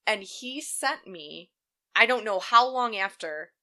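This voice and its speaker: A woman's voice: mid-range voice, lively intonation, takes it slowly, sharp tone. A woman hosting a podcast, telling a story in casual chat, blunt and sarcastic with plenty of swearing.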